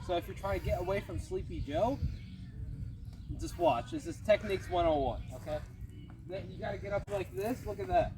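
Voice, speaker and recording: A man's voice: sits high, lively intonation, fairly quick. A man giving a joking mock tutorial outdoors on a playground, playful and giggly, filmed on a phone. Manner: playful, giggly, over-the-top. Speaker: vlogger. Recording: noisy outdoor phone recording.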